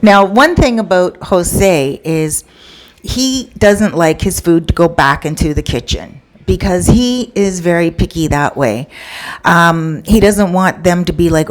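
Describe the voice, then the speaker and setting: A woman with a fairly low voice spinning a casual story. She keeps it chatty and conversational, throwing in asides to the listener as she goes. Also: animated, a little slow.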